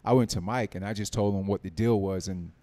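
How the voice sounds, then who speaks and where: A middle-aged man with a slightly low voice tells stories in a relaxed podcast chat. He is from North Carolina and slips into the voices of the people he quotes as he talks. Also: fairly quick. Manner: storytelling, acts out quoted dialogue. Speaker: film writer and producer, guest. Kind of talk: casual podcast interview.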